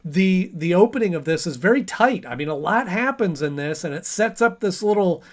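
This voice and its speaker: A man's voice: high voice, lively intonation, normal speed. A man in his thirties hosting a casual cartoon review show, chatty and playful, often slipping into funny voices.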